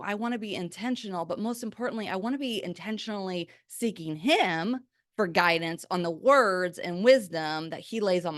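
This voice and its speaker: A woman's voice: mid-range voice, dry recording. Woman podcaster, chatty faith pep talk, lots of "like", dry close sound. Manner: chatty, energetic, full of "like" fillers. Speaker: podcast host.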